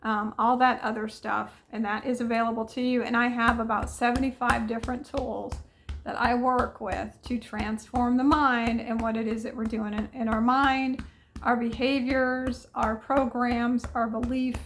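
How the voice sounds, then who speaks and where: A woman's voice: fairly high pitch, level tone, moderate pace, a bit bright, slight background noise. A woman mentor guiding listeners through a tapping exercise with soothing, repetitive affirmations. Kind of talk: guided tapping session.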